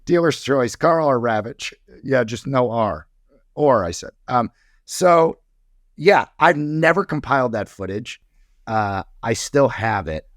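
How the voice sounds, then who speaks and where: A man telling stories as a podcast guest, wandering through fillers and restarts. His voice sits at an ordinary pitch. The sound is dry and close. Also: lively intonation, slow, dry recording. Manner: rambling storyteller, many fillers. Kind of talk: casual chat.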